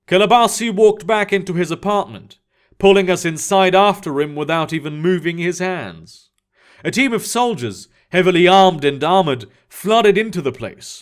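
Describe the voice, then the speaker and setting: A man reading a first-person sci-fi story aloud in a steady, measured narrating voice. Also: sits high, clean tone. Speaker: audiobook narrator.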